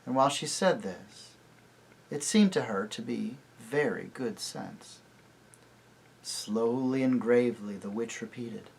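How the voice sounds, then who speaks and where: Priest reading a storybook aloud, very slow, measured, mid-pitched. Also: male voice, lively intonation, vocal fry, a little hiss or hum. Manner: slow, deliberate.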